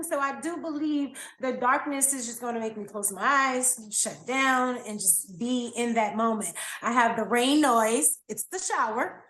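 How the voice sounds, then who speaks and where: A woman who is a yoga teacher, chatting as a podcast guest in an animated, emotional way and laughing often. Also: fairly high pitch, measured pace, few pauses. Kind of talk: casual interview conversation. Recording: echoey room.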